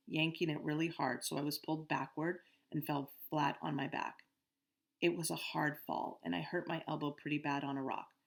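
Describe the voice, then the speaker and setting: A woman reading a children's novel aloud in steady, first-person storytelling. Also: deep voice, creaky. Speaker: audiobook narrator. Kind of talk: scripted first-person narration.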